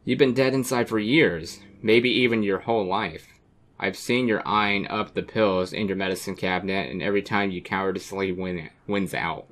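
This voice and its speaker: A man's voice: low-pitched, fairly even intonation, moderate pace, fairly bright tone. A man voicing a cruel, contemptuous young woman on a blind date, reading game dialogue aloud in a cold, relentless way. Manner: cold, cutting, relentless insults.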